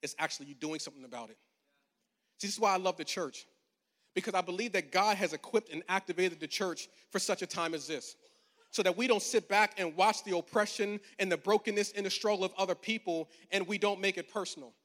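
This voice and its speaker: A man's voice: high-pitched, brisk, a bit bright. A man in his forties, a pastor preaching a storytelling sermon, chatty and funny, then rising into emphatic preaching in a large church. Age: 40s. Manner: conversational and humorous, building to emphatic preaching. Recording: long hall reverb.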